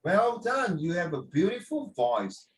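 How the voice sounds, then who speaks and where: A man teaching a class with lively, teasing coaching. He keeps switching into Mandarin phrases. He sounds somewhat distant from the microphone. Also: high voice, a little slow, a little hiss or hum.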